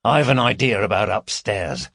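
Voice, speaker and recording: Brief: narrator doing a snappish burglar, hissed and harsh, husky. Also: male voice, on the low side, very animated, normal speed, fairly bright tone, heavily acted. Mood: tetchy, urgent. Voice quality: harsh, hissing. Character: tetchy, bossy male burglar neighbour.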